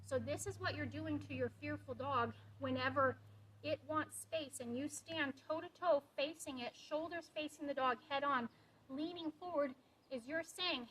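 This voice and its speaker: High-voiced woman dog trainer explaining. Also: normal speed, a bit bright, a little hiss or hum, poor audio. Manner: direct, practical, explains with quoted examples. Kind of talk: instructional talk to camera.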